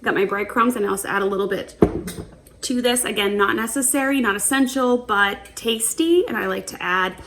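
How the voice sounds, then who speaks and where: A woman's voice: mid-range voice, moderate pace, noisy background. A woman vlogging a cook-along in her home kitchen, chatty and giggly, rambling with fillers as she talks to the camera. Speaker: cooking vlogger. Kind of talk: casual cook-along chat. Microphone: camera on a tripod.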